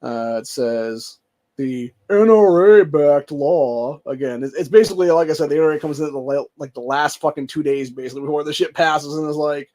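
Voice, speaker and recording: Young male host from Ohio, slightly raised pitch, reads news and rants with heavy cursing. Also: quick pace, few pauses, darkish tone. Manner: profane, heated, says "dude" a lot. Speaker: show host. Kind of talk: ranting commentary while reading news.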